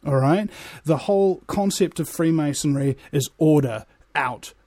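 Guy with a pretty high voice rambling and getting worked up, dead dry sound. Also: measured pace, no room sound. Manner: rambling, restarts often, grows heated and loud. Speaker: screenwriter. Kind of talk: casual monologue.

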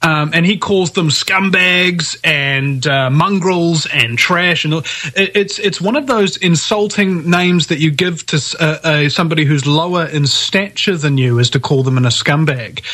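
A New Zealand man talking in a casual podcast chat, his voice a little husky and notably bright. He strings out playful, mock-formal phrasing and sits somewhat high for a man.

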